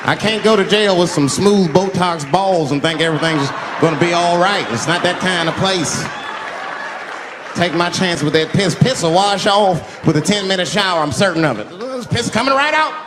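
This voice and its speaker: Profane stand-up comic in an echoing hall. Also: male voice, high voice, moderate pace, crowd noise, noisy background. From Washington DC. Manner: loose, profane storytelling. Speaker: stand-up comedian. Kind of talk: stand-up comedy set. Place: large live theater. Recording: live echoing hall with loud audience.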